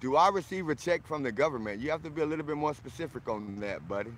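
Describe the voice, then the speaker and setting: A man's voice: a little high, expressive, fast, fairly bright tone, a little hiss or hum. Boisterous man from Florida. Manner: boisterous, friendly, greets viewers by name. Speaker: livestream host reading viewer comments. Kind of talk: casual livestream chat.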